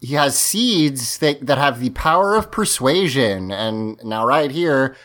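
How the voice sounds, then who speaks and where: A man's voice: medium pitch, animated, takes it slowly, fairly bright tone. A man hosting a casual podcast, recapping a TV episode in a loose, rambling way with many fillers. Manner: rambling, lots of fillers and restarts. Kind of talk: casual chat.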